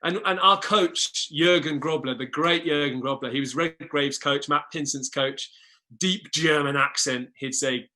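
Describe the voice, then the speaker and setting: A man's voice: on the high side, a little slow, pushed and bright. A man in his thirties, a former rower, talking in a casual conversation with many restarts and repeated words. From England. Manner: hesitant, repeats words at the start of phrases. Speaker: guest, former Olympic rower.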